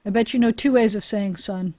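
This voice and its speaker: A woman's voice: mid-range voice, fairly quick, mellow. A woman rabbi teaching a Hebrew class over a video call, chatty and encouraging, often laughing with her students.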